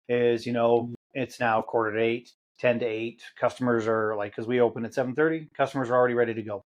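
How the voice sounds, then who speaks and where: Man, mid-pitched voice, casual, relaxed storytelling, podcast co-host. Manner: plain storytelling, loose with fillers.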